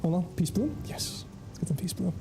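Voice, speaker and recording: Over music, a streamer from the southern United States talks to his chat in a casual, joking, rambling way while playing a game. He has a Southern accent, a high voice with lively intonation, and a fairly quick delivery.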